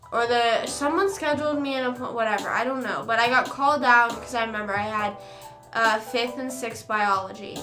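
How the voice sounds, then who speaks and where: A young woman streamer chatting casually, rambling through a story with quick asides. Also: a little high, bright, forceful tone. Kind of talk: casual chat. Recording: echoey room with faint music.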